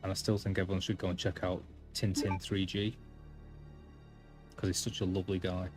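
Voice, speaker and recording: Brief: gaming streamer, fairly low voice, relaxed running chat, game music playing behind. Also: male voice, brisk. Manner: chatty, self-deprecating, talks to chat while playing. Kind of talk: casual live-stream commentary.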